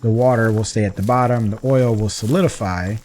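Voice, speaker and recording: A man's voice: lowish voice, fairly quick, slight background noise. Chatty man narrating his gameplay. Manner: chatty, rambling, excitable, with many restarts. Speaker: gaming channel host. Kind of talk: casual gameplay commentary.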